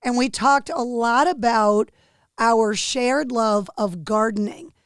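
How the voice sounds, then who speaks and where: A woman's voice: fairly high pitch, slow, clear, resonant tone, no echo. Dry-sounding woman interview host. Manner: friendly, easily laughing interviewer. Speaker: podcast host.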